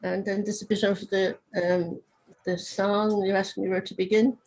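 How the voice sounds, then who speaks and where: A woman's voice: mid-range voice, little pitch movement, moderate pace, darkish tone, close to an everyday voice, low-quality recording. A woman with a Cork accent reading aloud from her novel as a dead man who narrates wryly from his urn, over a video call. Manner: wry, chatty storytelling.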